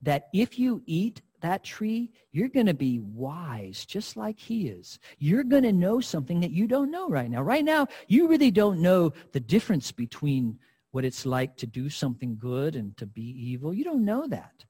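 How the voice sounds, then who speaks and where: A mocking, sly male devil coaxes and insinuates in slow, husky tones, put on by a preacher in mid-sermon. The voice sits a little high for a man and is rough at the edges. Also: wildly swooping pitch, warm tone, in a large hall, heavily acted. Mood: coaxing, mocking.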